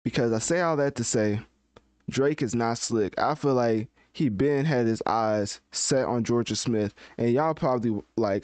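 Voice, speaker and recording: A man talks casually into a close desk microphone, hosting his live podcast. He chats loosely and thinks aloud while he searches, with a mid-pitched voice in a dry, dead room. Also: a little slow, darkish tone, dry recording. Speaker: podcast host. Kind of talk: casual live-stream commentary.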